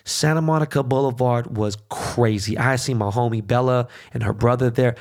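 A man's voice: mid-range voice, normal speed, a little mellow. A man hosting a podcast, in a heated, profane political rant with frequent "okay?" check-ins. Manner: heated, swearing constantly, repeats "okay?". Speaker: podcast host.

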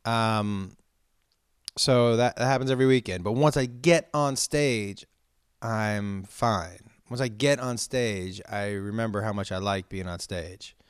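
A comedian telling stories in casual chat, swearing often and ranting with animation. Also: male voice, fairly low pitch, unhurried, clear, resonant tone, no echo, clean studio sound. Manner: profane, animated storytelling rants.

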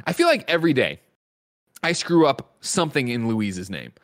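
Animated male gaming news host. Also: medium pitch. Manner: animated, quick jokey banter, reads news aloud. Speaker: show host. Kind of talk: casual gaming news chat.

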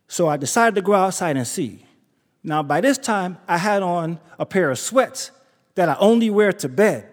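A man telling a true story live on stage, animated and acting out the voices of people he quotes. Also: moderate pace. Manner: animated, acts out quotes with big pitch jumps. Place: theater stage before an audience. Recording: live stage recording with hall reverb.

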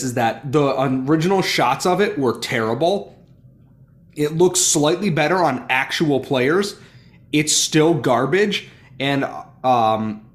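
A man co-hosting a sports podcast, ranting with exasperated humor in casual chat. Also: fairly high pitch. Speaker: podcast co-host.

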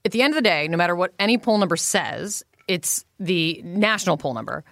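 A woman hosts a political podcast in a brisk, wry manner, steering the conversation between guests. Her voice runs a bit low for a woman. The sound is dry and close-miked. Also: lively intonation, vocal fry, a bit bright, dry recording. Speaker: podcast host. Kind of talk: casual political podcast chat.

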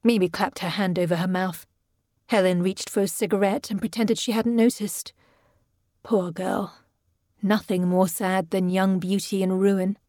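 A woman narrating a gothic story in a measured, even audiobook reading. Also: mid-range voice, no echo, clean studio sound. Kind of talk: scripted narration.

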